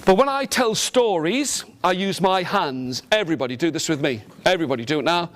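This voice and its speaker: A middle-aged man telling an interactive story to a live audience, lively and animated, leading the listeners in call-and-response and gestures. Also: a little high, brisk. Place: large room with a live audience.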